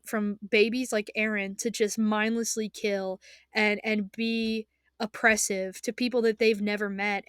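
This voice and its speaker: An excitable young woman rants on camera about a show she loves, her voice pitched a touch high. She rambles through restarts and swears freely. The sound is dry and close, with no room echo. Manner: excitable, emotional. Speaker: anime fan vlogger. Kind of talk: casual spoken rant.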